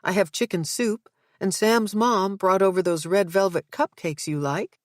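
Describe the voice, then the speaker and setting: A tense, sharp-tongued middle-aged mother in an audiobook, as a woman narrator puts her on. Her lines come clipped and pitched above the narration, in a dry, close recording. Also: fairly even intonation, unhurried, no room sound, close to an everyday voice. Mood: flat.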